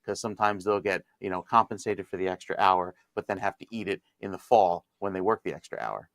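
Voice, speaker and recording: A man delivering the TV weather forecast in a relaxed, conversational way, then chatting with the host. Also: low-pitched, brisk, creaky, dry recording, studio quality. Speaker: TV meteorologist. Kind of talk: weather forecast and studio banter.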